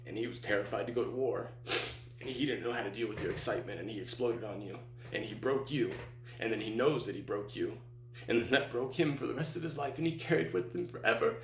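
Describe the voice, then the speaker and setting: A middle-aged man telling a personal story in an earnest, emotional way, often stopping and restarting his sentences. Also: lowish voice. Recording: echoey room with faint hum.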